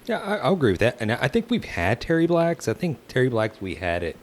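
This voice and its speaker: A man's voice: medium pitch, huge pitch swings, a little fast. A man with a Texan accent, co-hosting a barbecue podcast in a laid-back, rambling way with casual swearing. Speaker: podcast co-host. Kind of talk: casual chat.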